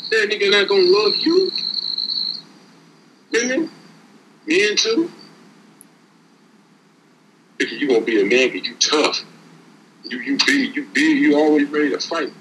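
A man talks in a casual, preachy, streetwise way, stacking repeated words as he drives home a lesson. His voice sits a bit high and rings bright and forward. A faint hiss runs underneath. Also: big pitch swings, unhurried, pauses often, low-quality recording. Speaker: podcast co-host. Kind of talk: casual motivational talk.

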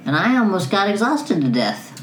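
A woman's voice: medium pitch, sing-song, normal speed, slight background noise. Chatty woman player in an echoey room. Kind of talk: in-character tabletop play.

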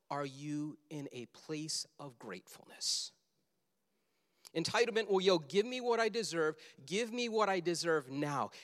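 Male preacher, high-pitched, animated storyteller; long reverb of a big room. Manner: animated storytelling, acting out film scenes. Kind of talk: sermon.

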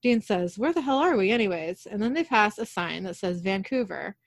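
A woman's voice: mid-range voice, brisk, creaky, no room sound, studio quality. A woman recapping a TV episode in casual talk, reading out the characters' lines in her own voice. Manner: animated retelling, quoting characters in her own voice. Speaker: podcast host recapping an episode.

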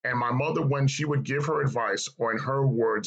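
A man's voice: mid-range voice, moderate pace, vocal fry, hardly any pauses, low-quality recording. A middle-aged man giving an earnest, reflective personal testimony and repeating phrases for emphasis. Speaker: speaker sharing his life story.

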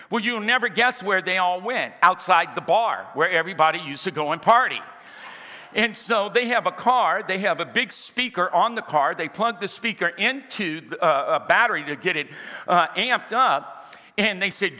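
A man with a high, very bright and forceful voice preaches a lively sermon. He repeats key lines and calls on the room to answer back. His voice rings out with a long reverb from a church hall. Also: normal speed. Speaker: pastor.

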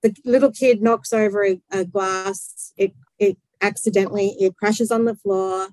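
A woman explaining psychology in conversation, talking fast and acting out little quotes. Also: mid-range voice, fairly even intonation, darkish tone, no room sound, poor audio.

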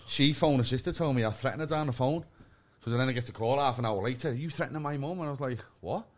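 A man's voice: mid-range voice, fast. A man, a podcast guest telling a story in blunt, sweary casual chat and acting out both sides of phone arguments.

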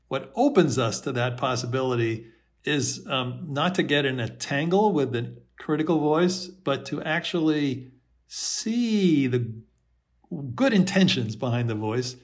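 A man on a video call, talking gently and thoughtfully, with soft laughs and short acted-out inner voices. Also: a little high. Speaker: host and self-compassion teacher.

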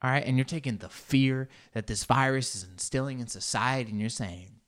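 A man's voice: mid-range voice, a little fast. Rambling, profane man hosting a podcast. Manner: rambling, profane, self-mocking. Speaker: podcast host and comedian. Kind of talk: casual solo podcast monologue.

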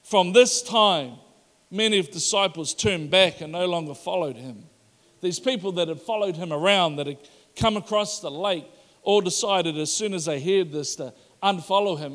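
Kiwi pastor preaching, animated, does funny crowd voices, high voice, echoey church hall. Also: male voice, moderate pace. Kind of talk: sermon. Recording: long hall reverb.

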